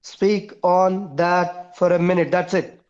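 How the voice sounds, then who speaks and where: A man teaching a class over a video call, speaking in a high voice. He counts off his points one by one and repeats the key words for emphasis. The call audio comes through dull and lo-fi. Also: steady tone, slow, darkish tone. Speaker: English teacher. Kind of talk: online class instruction.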